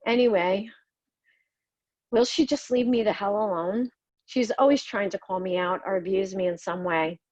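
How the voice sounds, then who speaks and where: A woman's voice: mid-range voice, normal speed, darkish tone, no room sound, muffled recording. Somber woman reading her own memoir. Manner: somber, confessional, blunt with occasional swearing. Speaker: podcast host telling her own story. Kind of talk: personal memoir narration.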